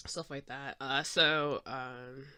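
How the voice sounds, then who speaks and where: A woman's voice: a bass voice, steady tone, slow, bright, forceful tone, smooth, dry recording. A woman hosting a podcast in a casual, meandering chat while she draws, with lots of "um" and "like". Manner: chatty, meandering, full of "um" and "like". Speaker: podcast host.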